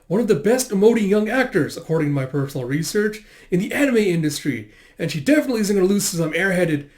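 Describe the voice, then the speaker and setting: A man voicing an excited young woman who gushes about a rival actress in a high, breathless rush. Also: quick pace.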